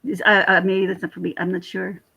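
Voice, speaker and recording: Woman, 40s, slightly husky, rambling animated livestream chatter at her computer. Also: fairly low pitch, a little fast. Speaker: vlogger chatting with live viewers. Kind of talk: casual livestream chat. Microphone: computer mic.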